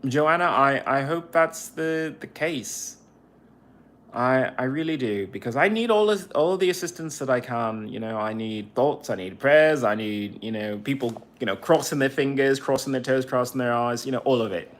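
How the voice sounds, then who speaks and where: Halting man venting on a phone. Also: mid-range voice. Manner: halting, repeats phrases, venting. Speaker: veteran livestream podcaster. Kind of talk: casual livestream monologue. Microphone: cell phone.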